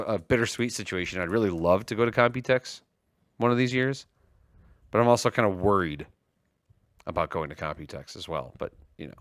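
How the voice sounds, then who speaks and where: Guy cohosting a tech stream, kinda low voice, chill and teasing, dry close mic. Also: a bit bright, dry recording. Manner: easygoing, teasing, chatty. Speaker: co-host. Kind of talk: casual tech chat.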